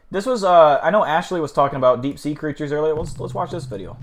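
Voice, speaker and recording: A man's voice: on the high side, slight background noise. Casual male streamer, rambling and profane, flustered, self-mocking. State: flustered after eating something awful. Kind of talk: casual live-stream chat.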